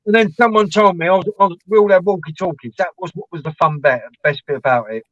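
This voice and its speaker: A man's voice: sits high, fast, a bit bright, no room sound. A man telling rambling, laughing anecdotes as co-host of a live stream. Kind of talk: casual storytelling chat. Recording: dull lo-fi dry stream audio.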